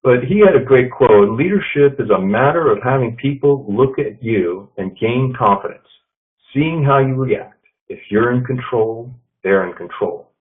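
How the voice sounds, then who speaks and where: A man giving a leadership presentation to an audience, measured and telling stories. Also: medium pitch, animated. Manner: measured, storytelling with quotes. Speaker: leadership speaker. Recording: tinny phone-like sound.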